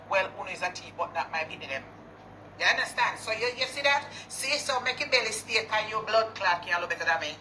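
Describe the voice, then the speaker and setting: A woman's voice: medium pitch, animated, fairly quick, bright, forceful tone, slight background noise, low-quality recording. Jamaican woman ranting, cursing hard. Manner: cursing, confrontational, in patois. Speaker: business owner in a posted clip. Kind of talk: angry rant video.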